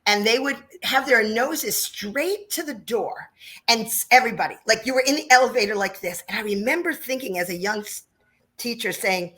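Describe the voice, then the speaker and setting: A woman's voice: a little high, normal speed, a bit bright. A woman in her fifties from New Jersey, a dance studio owner chatting in an interview and telling stories with frequent laughs. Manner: chatty, laughs often, storytelling. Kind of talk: casual interview chat.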